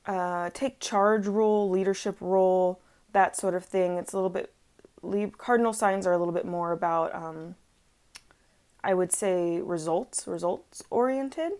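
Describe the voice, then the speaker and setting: A woman's voice: lowish voice, a little slow, darkish tone. A woman reading tarot in a chatty, rambling way, full of fillers and self-corrections, at home with her dog on her lap. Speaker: tarot reader. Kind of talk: casual chat.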